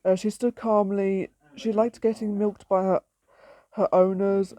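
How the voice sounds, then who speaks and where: A woman's voice: mid-range voice, level tone, measured pace, warm tone. A woman reading her own story aloud in a plain, simple storytelling way.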